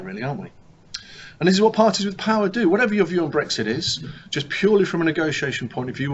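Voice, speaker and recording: A man's voice: on the high side, muffled recording, a little hiss or hum. Man giving a chatty seminar talk. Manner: conversational, asks rhetorical tag questions. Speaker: negotiation speaker. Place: meeting room with an audience.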